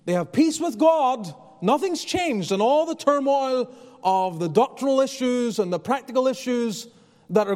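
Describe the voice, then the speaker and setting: A man's voice: extremely high pitch, darkish tone, big-room sound. A man preaching a sermon as pastor, earnest and conversational, often restarting his phrases. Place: church.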